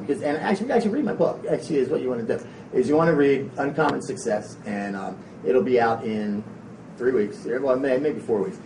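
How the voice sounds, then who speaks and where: Gravelly man speaking in an echoey room. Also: medium pitch, distant mic. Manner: rambling, energetic, frank and casual with some swearing. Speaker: motivational speaker. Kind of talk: motivational talk to a live audience. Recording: echoey room, speaker away from the mic, faint noise.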